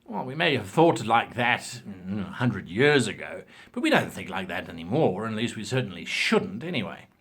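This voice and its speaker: A man's voice: on the low side, moderate pace, hardly any pauses, slightly rough. A man giving game-master tips in a casual, opinionated talk, acting out examples as he goes. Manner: animated, opinionated, acts out examples.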